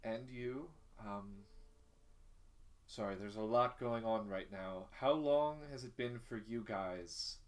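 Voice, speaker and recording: A man's voice: lowish voice, slow pace. A man talking as a player in a tabletop role-playing game, hesitant and full of fillers. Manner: hesitant, lots of fillers and restarts. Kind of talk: casual tabletop role-play.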